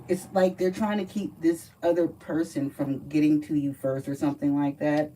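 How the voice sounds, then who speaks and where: Low-voiced woman doing a live card reading, blunt and cussing, kinda far from the mic. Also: dark tone. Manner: blunt, profane, chatty. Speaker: livestream card reader.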